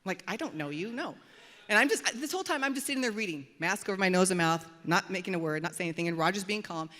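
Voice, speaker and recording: A middle-aged woman pastor preaching a sermon in a church auditorium, telling a story with animated, dramatic delivery. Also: lowish voice, racing. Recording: long hall reverb.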